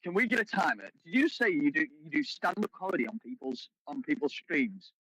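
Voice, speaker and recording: A man's voice: fairly high pitch, very animated, brisk, bright, forceful tone, breathy edge, dry recording, rough recording. A man co-hosting a stream, chatting casually, probing a guest and coaching him. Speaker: co-host. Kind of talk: casual chat.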